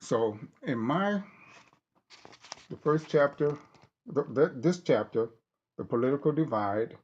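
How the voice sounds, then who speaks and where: Guy reading his own book out loud, mid pitch, slow and halting, dull lo-fi sound. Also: animated, slightly rough. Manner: deliberate, halting reading with restarts.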